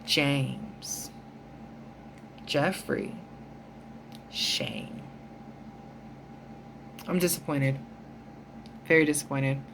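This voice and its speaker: A woman's voice: low-pitched, slight background noise. A woman vlogger ranting in a heated, emphatic way, with frequent swearing. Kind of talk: ranting storytime vlog.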